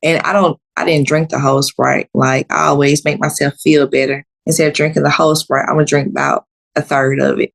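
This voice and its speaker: A woman in her thirties, a podcast guest, telling a story in a blunt, unfiltered way and acting out the quotes with big jumps in pitch. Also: brisk, gravelly, few pauses. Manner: animated, acts out quotes with sharp pitch jumps. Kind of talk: casual storytelling.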